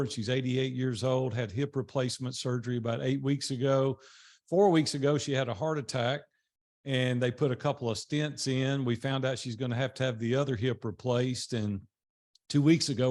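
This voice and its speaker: A man's voice: medium pitch, darkish tone. An older man from Nashville with a Southern Tennessee drawl, telling his life story in a folksy, motivational guest talk. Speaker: guest speaker.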